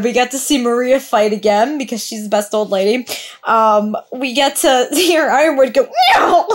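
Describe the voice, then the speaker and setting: A young woman hosting a show reaction, exclaiming, swearing and crying out as she watches, then talking through her thoughts. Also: high-pitched. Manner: exclaims and swears, cries out in distress. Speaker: reaction host. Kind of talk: emotional reaction commentary.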